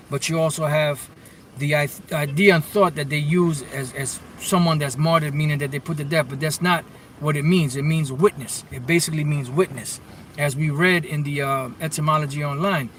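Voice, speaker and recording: A Bible teacher gives an informal scripture lesson, reading verses aloud and then explaining their meaning, often restarting his sentences. His voice sits on the high side with fairly even intonation at a moderate pace. The mic is distant, with faint vehicle noise.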